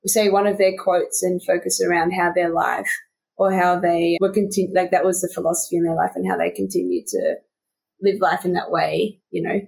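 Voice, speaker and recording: A woman's voice: fairly low pitch, fairly quick, creaky, darkish tone, breathy edge. A young woman co-hosting a podcast in casual chat. She talks in a self-mocking way and laughs often. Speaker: podcast co-host.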